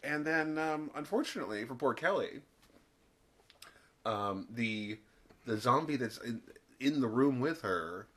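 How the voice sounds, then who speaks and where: In an animated, medium-pitched, slightly bright voice, a podcast co-host talks unhurriedly and pauses often while recapping a TV episode, laughing and voicing the characters' lines.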